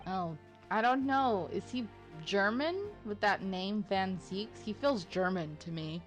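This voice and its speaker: A woman's voice: mid-range voice, measured pace, faint music behind. A woman giving chatty, giggly commentary as she plays a story game, with a tired throat from doing voices. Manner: chatty, giggly, self-deprecating. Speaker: gaming streamer. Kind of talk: casual let's-play commentary.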